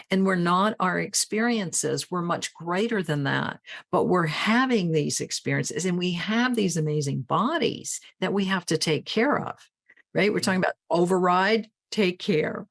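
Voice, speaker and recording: A podcast host, a woman with a low, gravelly voice, talks in an affirming, reflective way. The sound is close and dry, with no room around it. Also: dry recording. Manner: affirming, reflective, spiritual framing. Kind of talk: conversational interview.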